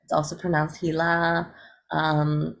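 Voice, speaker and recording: A woman's voice: deep voice, completely flat delivery, slow pace, gravelly. A woman, a guest on an interview show, talking casually and upbeat, with lots of fillers and frequent laughter. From United States. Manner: chatty, upbeat, laughs often, many fillers. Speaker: guest, eco-rapper.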